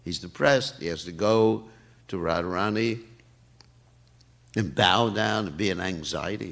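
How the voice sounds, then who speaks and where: An older man giving a morning temple class, talking in an animated way and laughing often. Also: low voice, measured pace, vocal fry, pauses often. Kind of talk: sermon. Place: temple hall.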